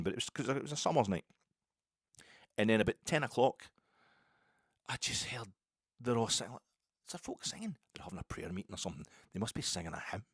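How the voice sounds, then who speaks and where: A Scottish man talking in a rambling, sweary casual monologue as a football podcaster, with loud bursts. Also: fairly low pitch, no echo, clean studio sound.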